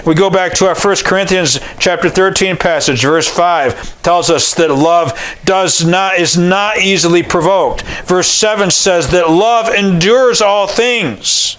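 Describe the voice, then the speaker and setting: A man's voice: high-pitched, measured pace, hardly any pauses, fairly bright tone. A middle-aged man, a pastor, preaching a sermon in a folksy storytelling way, acting out the voices of the people he quotes. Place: church.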